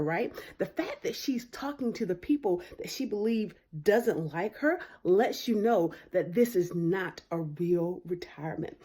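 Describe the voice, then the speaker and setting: A woman with a lowish, dark and mellow voice delivers opinion commentary. She argues methodically and keeps tagging her points with "right?". She jumps into high, dramatic voices when quoting others. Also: slightly rough. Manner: argumentative, frequent tag "right?"; acts out quoted voices with big pitch jumps. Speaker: lawyer commentator.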